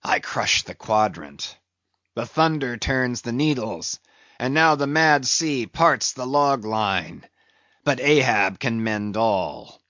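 A brooding old sea captain, acted by a man declaims in solemn archaic phrases and barks sharp orders at a slow, weighty pace. The sound is dull and dry, close in a dead room. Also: mid-range voice, lively intonation, no echo. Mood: commanding. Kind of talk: radio play acting.

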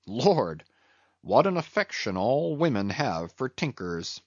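A man's voice: mid-range voice, big pitch swings, slow pace, no echo, dull audio, heavily acted. A man voicing a fussy old ship's carpenter who mutters and grumbles to himself hesitantly. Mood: grumbling.

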